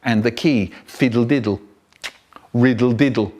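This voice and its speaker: A man narrating a family story in an animated, theatrical storytelling manner, chopped into a comic mashup. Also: mid-range voice, measured pace, lo-fi sound.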